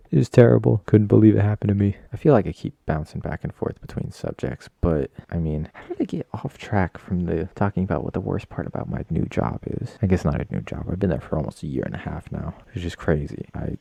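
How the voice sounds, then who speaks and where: A man's voice: deep voice, creaky, dark tone, no echo. A young man hosting a casual solo podcast, rambling in a crude, self-mocking way. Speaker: podcast host.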